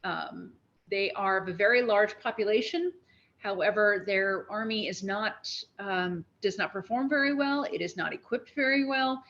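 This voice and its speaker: A woman giving a spoken history lecture, telling events as a lively story with restarts and asides. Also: medium pitch, moderate pace, lo-fi sound.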